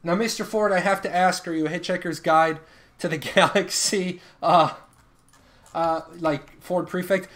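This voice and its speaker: A man's voice: a little high, measured pace, fairly bright tone. A man from Ireland chatting casually on a live game stream, telling rambling stories and often restarting his sentences.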